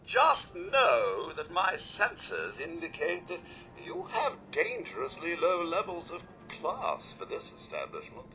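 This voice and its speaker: A man's voice: on the high side, huge pitch swings, takes it slowly, bright, forceful tone, soft background music, exaggerated voice. An actor voicing a condescending male robot butler in a video game. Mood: snooty. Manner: condescending, prim.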